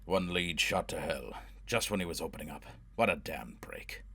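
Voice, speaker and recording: Low-voiced narrator as a relentless avenger, harsh, pushing, audiobook. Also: male voice, lively intonation, moderate pace, vocal fry, a bit bright, breathy edge, full character voice. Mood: grim. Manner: harsh, driving interrogation. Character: brutal, obsessed man hunting for revenge. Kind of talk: audiobook character voice.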